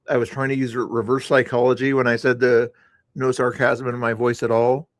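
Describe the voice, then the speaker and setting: Man, mid pitch, rambling stream commentary, repeats words, dry sarcastic asides, dead-dry sound. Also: no echo. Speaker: streamer reviewing his own stream. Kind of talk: casual commentary over stream playback.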